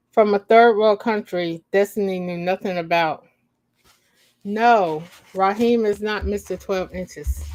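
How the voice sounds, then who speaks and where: Slow-reading woman telling a story live. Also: mid-range voice. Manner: slow reading broken by laughing asides to chat; uses slang, says y'all. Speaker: storyteller reading her novel on a livestream.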